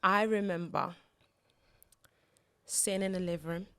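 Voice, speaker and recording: A woman co-hosting a podcast, telling a personal story in an earnest, halting way, repeating words as she gathers herself. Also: fairly low pitch, fairly even intonation, fairly bright tone, clean tone, dry recording, studio quality. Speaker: podcast co-host and mother.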